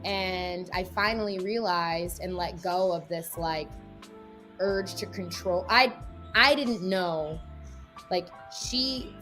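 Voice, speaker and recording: A woman's voice: on the low side, slow, pushed and bright. Woman guest, casual interview chat, rambling and heartfelt, faint music underneath. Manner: emotional, rambling, heavy use of "like" and "you know". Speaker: guest, athlete and mother. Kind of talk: candid conversational interview.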